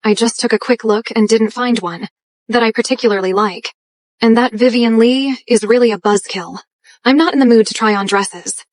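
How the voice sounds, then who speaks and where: A woman's voice: on the high side, moderate pace, dry recording, lightly acted. An actress playing an arrogant young woman posing as a rich heiress, imperious and scornful, in an English drama dub.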